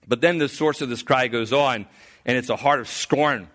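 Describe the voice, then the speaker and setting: Forceful, bright-voiced male preacher. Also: mid-range voice. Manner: swings between loud emphatic preaching and hushed, slowed passages; earnest, with frequent restarts and filler. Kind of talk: sermon.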